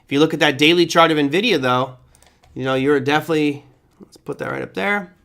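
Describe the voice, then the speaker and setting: A man's voice: on the high side, a little fast, gravelly, a bit bright. A man hosting a live trading stream, talking casually about the markets and answering viewer questions, often checking in with "right?". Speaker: trading show host.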